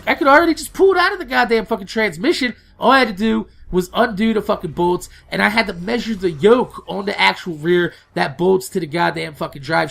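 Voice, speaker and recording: A young man casually telling a profane, animated story over gameplay. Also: sits high, creaky. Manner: profane, animated storytelling, yelling in retold quotes. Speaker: gaming channel host.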